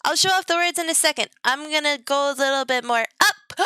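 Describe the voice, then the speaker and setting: A young woman on a live stream with a high, bright voice, talking slowly and playfully to her chat. She giggles a lot and teases in a sing-song tone. The sound is close and dry. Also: no echo. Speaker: VTuber streamer.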